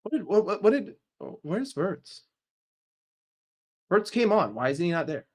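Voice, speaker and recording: A man's voice: high voice, very animated, measured pace, darkish tone. A man hosting a football fan channel, giving a heated, profane and sarcastic rant. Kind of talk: casual ranting commentary.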